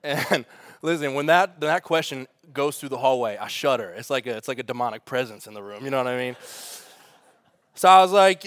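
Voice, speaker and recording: A man, a pastor preaching a sermon with funny family stories and lively asides. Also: mid-range voice, brisk, dry recording, clean studio sound. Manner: storytelling with humor, animated asides.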